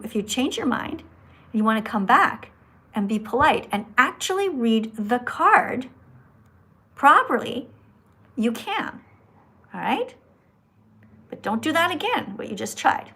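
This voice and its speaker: A woman's voice: on the high side, animated, moderate pace, pauses often, a bit bright, breathy edge. A woman hosting a live stream with callers, talking like a schoolteacher who instructs and scolds. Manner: says her own voice is annoying. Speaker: livestream host.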